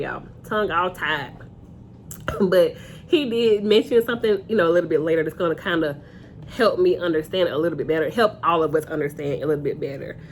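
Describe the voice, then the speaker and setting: A woman's voice: on the low side, a little hiss or hum. A young woman giving a casual, opinionated reality TV recap straight to her viewers on a phone camera. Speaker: reality TV reviewer.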